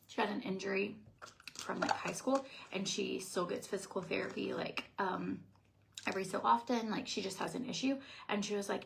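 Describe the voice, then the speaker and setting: A woman's voice: mid-range voice, fairly even intonation, a little fast, creaky, a little hiss or hum. A woman vlogger in casual chat, chatty and laughing often.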